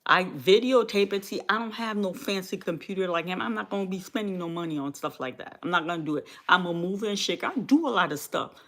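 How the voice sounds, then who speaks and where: A woman's voice: fairly low pitch, expressive, fast, hardly any pauses, a bit bright. Fiery woman ranting on a livestream. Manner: fiery, repetitive, exclamatory, talks back to chat. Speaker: livestream host. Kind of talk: heated livestream rant.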